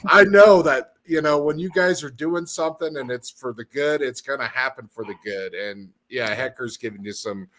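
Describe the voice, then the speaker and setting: Effusive man, halting speech. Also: medium pitch, fairly bright tone, a little hiss or hum. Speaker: show host. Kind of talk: casual chat.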